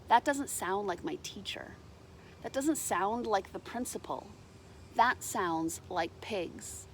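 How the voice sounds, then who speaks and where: A woman's voice: mid-range voice, animated, slow, slight background noise. A woman voicing a spunky, bossy young farm girl in a storybook reading. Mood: chatty. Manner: yelling, sassy.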